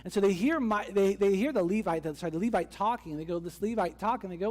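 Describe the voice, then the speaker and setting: This pastor talks fast with hardly any pauses, his voice sitting high. In a conversational sermon he acts out each character's voice as the story unfolds, recorded in a church sanctuary with long hall reverb.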